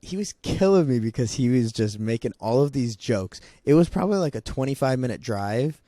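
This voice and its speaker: A man's voice: medium pitch, lively intonation, fairly quick, dark tone, no echo, clean studio sound. Young man rambling through a funny story. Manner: rambling, laughing, many restarts. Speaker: vlogger. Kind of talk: casual storytelling chat.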